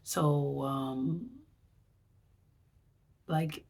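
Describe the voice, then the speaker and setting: A woman's voice: sits low, darkish tone, slightly rough. A woman wellness vlogger giving a chatty, rambling recap, acting out her reactions as she talks. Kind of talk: casual vlog recap.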